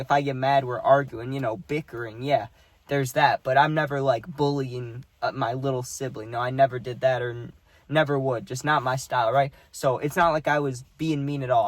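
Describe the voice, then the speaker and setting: Young guy ranting through a storytime, kinda high voice, dry close sound, says dude a lot. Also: no echo. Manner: animated, heavy use of "dude" and "like". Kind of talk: casual storytime.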